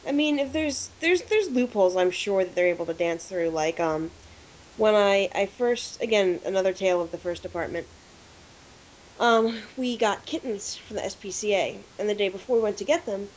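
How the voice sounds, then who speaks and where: A woman co-hosting a podcast in casual chat, an animated storyteller who acts out what people said. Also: medium pitch. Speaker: podcast co-host. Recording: lo-fi with faint hiss.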